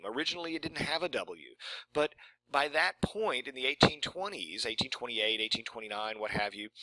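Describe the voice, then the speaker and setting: A man's voice: fairly high pitch, sharp tone, no room sound, poor audio. A man giving a university lecture in a conversational way, often checking in with "okay?" and "right?".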